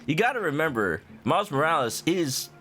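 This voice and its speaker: A man's voice: fairly high pitch, big pitch swings, brisk, a bit bright. A man casually commenting while streaming a video game, playful and joking, rambling with little stammers, with game music behind him.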